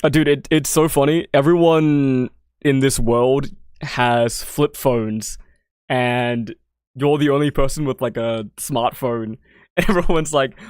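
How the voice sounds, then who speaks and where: A woman's voice: extremely low pitch, slow, darkish tone, clean tone, dry recording, studio quality. An Australian woman streamer chatting casually through a game playthrough, laughing and swearing as she rambles.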